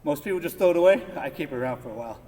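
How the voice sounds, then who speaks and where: A man's voice: fairly high pitch, expressive, very fast, mellow. A man teaching PE, leading a home workout. He talks upbeat and encouraging and counts reps aloud. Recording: echoey room from far off, faint noise.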